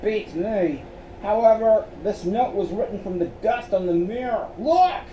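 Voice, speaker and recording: A man's voice: sits high, animated, a little slow, warm tone, slight background noise, voice pushed up. A man doing a bossy, scolding girl. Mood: urgent. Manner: commanding, scolding. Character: bossy determined young girl Helena. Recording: roomy echo.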